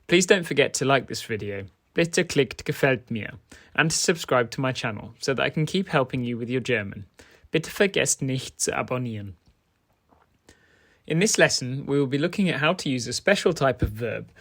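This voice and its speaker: A man teaching a scripted grammar lesson in a clear, measured way. His voice sits in an ordinary middle pitch, and he moves between English explanations and carefully spoken German words.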